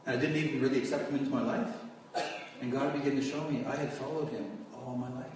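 Male preacher telling his story from the pulpit, mid-pitched, caught by a distant mic in a very echoey hall. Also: fairly even intonation, fast talker, darkish tone, a little hiss or hum. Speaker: preacher giving testimony. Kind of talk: testimony sermon.

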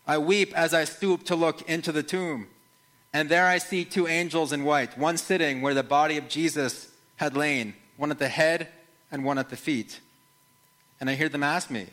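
A man preaching a first-person dramatic sermon, measured and earnest, with rhetorical questions to the listeners. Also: a little high, bright, forceful tone. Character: Mary Magdalene retelling the resurrection, played by a man.

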